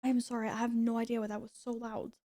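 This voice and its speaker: A woman streamer chatting casually with her viewers, chatty and quick to apologize and giggle. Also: fairly high pitch, level tone, warm tone. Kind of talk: casual live-stream chat.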